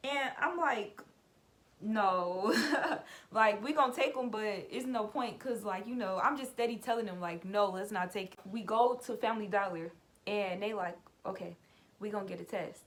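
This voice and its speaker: A woman's voice: mid-range voice, normal speed. A young adult woman vlogger telling a personal story in a loose, chatty way, often saying "like" and addressing her viewers as "y'all". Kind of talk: casual story time.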